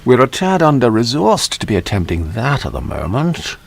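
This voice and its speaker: An actor playing a polite, dry English gentleman astronaut in a studio game, with an English accent and a proper, understated manner. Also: medium pitch, huge pitch swings, normal speed, creaky, heavily acted.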